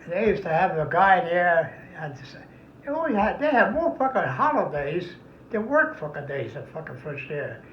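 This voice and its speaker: A man's voice: sits high, sing-song, normal speed, a little hiss or hum. An older man, a veteran, recounting his memories in a rambling, heavily profane oral history interview. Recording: echoey, somewhat muffled room recording.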